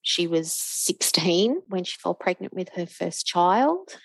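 A woman's voice: fairly low pitch, very animated, slow pace, gravelly, low-quality recording. A middle-aged woman, a guest telling her own story, acting out the voices of the people in it. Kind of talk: emotional personal storytelling.

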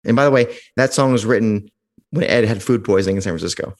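A man's voice: on the low side, fast talker. A man co-hosting a podcast in casual chat, rambling with restarts and swearing. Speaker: podcast co-host.

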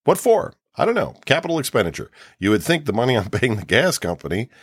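A man's voice: mid-range voice, very animated, fast, husky, no room sound, clean studio sound. A man co-hosting a podcast, ranting in casual chat and swearing freely. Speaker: podcast co-host.

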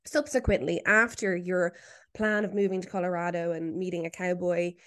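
Reflective woman podcast host, lowish voice. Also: fairly even intonation, moderate pace. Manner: thoughtful, reflective, hedging with maybe. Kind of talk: conversational interview.

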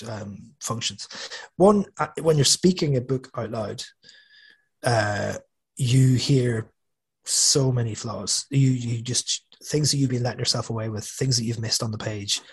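A man's voice: medium pitch, breathy edge. A man, an author talking casually as an interview guest, chatty and self-deprecating with lots of restarts. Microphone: studio podcast microphone.

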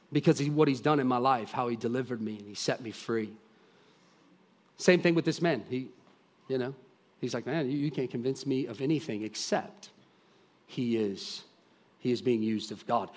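A man preaching a sermon, retelling a story with lively acted-out voices and dropping to quiet, earnest intensity. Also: medium pitch. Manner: animated storytelling, acting out voices of characters; drops to soft, quiet intensity.

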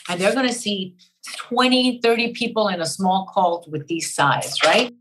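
An older woman from Cuba, an actress guest in an interview, talking in an animated, emphatic way and repeating key phrases. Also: mid-range voice, measured pace, slightly rough, low-quality recording. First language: Spanish. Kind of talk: interview conversation.

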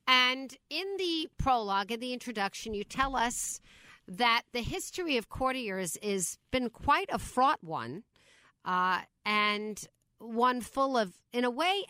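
A woman talk show host with a New York accent, interviewing a guest in a chatty, quick manner. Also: fairly high pitch, dry recording. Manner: chatty, warm-up questions, quick asides.

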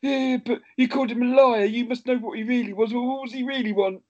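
A man co-hosting a podcast in casual chat, with a teasing, deadpan manner. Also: very high-pitched, fast, dull audio.

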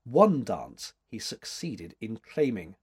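Narrating an audiobook, a man whose slightly rough voice sits on the low side tells the story in a measured, expressive way.

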